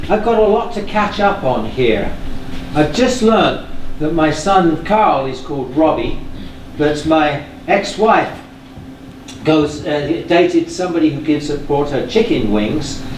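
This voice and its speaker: An actor playing a middle-aged estranged father on a live stage, defensive and stern with halting restarts. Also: fairly high pitch, a little hiss or hum. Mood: placating. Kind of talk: live stage play acting. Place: theater stage. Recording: echoey stage from far off, faint ambience.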